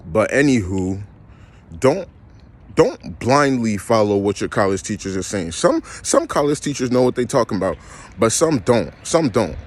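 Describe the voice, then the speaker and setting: A man's voice: fairly low pitch, animated, normal speed. A young man, ranting emphatically and repeating himself in a vlog. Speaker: vlogger. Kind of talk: ranting monologue.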